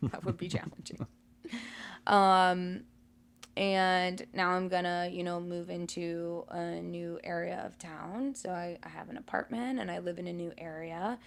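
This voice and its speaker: A woman's voice: on the low side, flat delivery, unhurried, creaky. A woman in her thirties co-hosting a casual podcast, telling her story in a reflective, open way. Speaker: podcast co-host.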